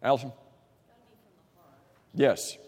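Drawing out his words in a darkish tone, a man leads a Bible class, questioning the group and echoing what they say. His delivery is conversational and full of restarts and fillers, with long hall reverb after every phrase.

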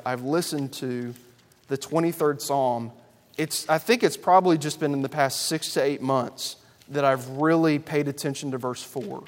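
Man preaching in an echoing hall. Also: on the high side. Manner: emphatic, builds to loud repeated lists. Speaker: pastor. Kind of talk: sermon.

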